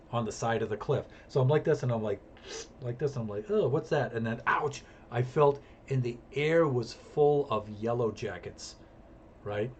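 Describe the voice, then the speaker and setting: Brief: male streamer, mid pitch, casual rambling storyteller, faint hiss. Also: a little mellow. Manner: rambling, repetitive, chuckling storyteller. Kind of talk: casual storytelling while gaming.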